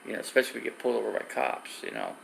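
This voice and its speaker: A man's voice: on the low side, wildly swooping pitch, rapid-fire, vocal fry, fairly bright tone, a little hiss or hum, low-quality recording. A middle-aged man live streaming from his phone, rambling through stories and reading viewer comments. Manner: rambling storyteller with restarts, reads viewer comments.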